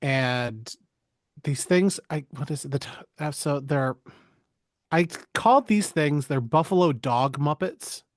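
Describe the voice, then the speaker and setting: A man's voice: on the high side, lively intonation, dry recording, studio quality. Man retelling a movie, joking and swearing. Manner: profane, jokey storytelling with quick voiced asides. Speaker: podcast co-host. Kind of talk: casual movie recap chat.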